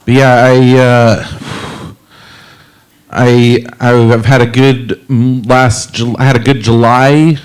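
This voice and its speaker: A man in his forties doing a stand-up comedy set, rambling and self-deprecating, halting with lots of fillers. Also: mid-range voice, level tone, clear, resonant tone. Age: 40s. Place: comedy club stage with a live audience.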